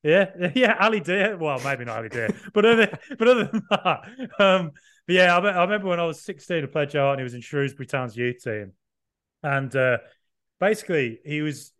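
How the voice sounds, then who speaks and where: A man's voice: fairly high pitch, a little fast, a bit bright. A young man from the UK co-hosting a podcast, teasing his co-host and laughing a lot. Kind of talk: casual chat.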